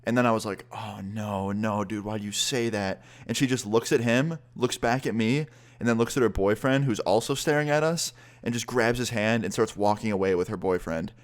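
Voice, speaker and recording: A young man with a low-pitched voice tells a storytime vlog in a loose, animated way. He talks casually and swears freely as he retells what happened. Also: normal speed. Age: young adult. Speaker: vlogger.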